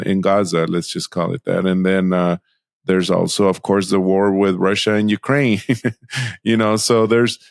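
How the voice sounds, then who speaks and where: Man, low gravelly voice, dry close sound, halting casual co-host. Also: dry recording. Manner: halting, full of fillers and restarts. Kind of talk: casual discussion.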